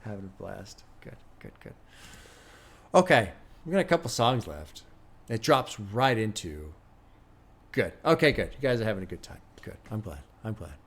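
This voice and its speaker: A man's voice: on the low side, sing-song, normal speed, creaky, husky. A man streaming his music reactions, talking casually and candidly with some swearing and short rants, and mentioning his son. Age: adult with a son. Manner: candid, profane, chatty, breaks into brief rants. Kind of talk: casual live-stream commentary.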